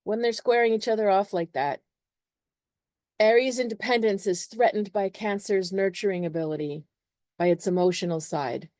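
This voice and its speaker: A woman's voice: medium pitch, moderate pace, darkish tone, no echo. A woman astrologer explaining in a casual, loose way, hedging often with filler phrases. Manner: hedging, uses many "sort of" and "you know".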